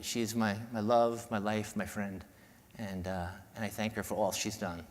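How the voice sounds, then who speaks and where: A man giving an emotional conference talk, heartfelt and halting, often repeating words and restarting. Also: fairly low pitch, flat delivery. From New York. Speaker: podiatrist giving a keynote talk. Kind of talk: emotional speech to a conference audience. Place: large conference hall. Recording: long hall reverb.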